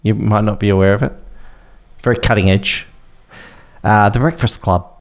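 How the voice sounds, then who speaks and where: A man co-hosting a casual podcast, joking in a dry, deadpan way. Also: lowish voice, moderate pace. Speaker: podcast co-host. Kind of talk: casual chat.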